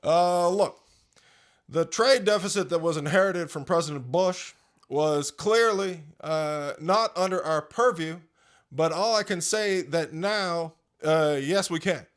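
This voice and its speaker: A man doing an impression of a male statesman giving a speech, slow and deliberate with halting pauses. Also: a little high, close to an everyday voice. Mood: oratorical.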